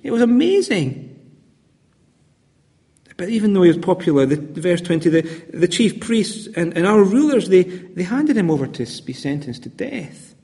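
A man delivers a sermon in a loose, conversational way, stumbling over words and repeating himself as he goes. His voice sits high for a man. The sound rings with a long hall reverb, as in a church. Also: animated, normal speed, dark tone. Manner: conversational, hesitant with fillers and repeats. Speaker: preacher.

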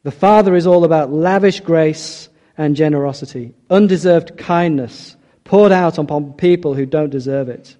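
A man's voice: on the high side, moderate pace, hardly any pauses, warm tone. A middle-aged man preaching a sermon, earnest and emphatic, often asking rhetorical questions.

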